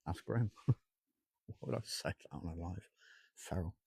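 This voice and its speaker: In a low-pitched, dark voice with vocal fry and a breathy edge, a man speaks a little slowly as he hosts a live ghost hunt. He's outdoors at night near old railway tracks, rambling, joking and naming viewers as he greets them, his throat sore and dry. The recording is dry.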